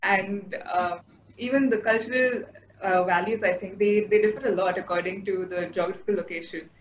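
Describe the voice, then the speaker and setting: A woman's voice: medium pitch, fairly even intonation, normal speed, reverberant, highs cut off, slight background noise. A woman hosting a podcast, asking questions with many hesitant fillers. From India. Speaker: podcast host. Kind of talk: interviewer questions.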